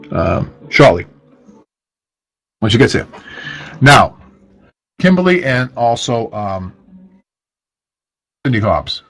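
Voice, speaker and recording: Rambling, low-voiced male radio host. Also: fairly bright tone, poor audio. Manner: rambling, self-deprecating, many fillers and restarts. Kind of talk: casual radio chat.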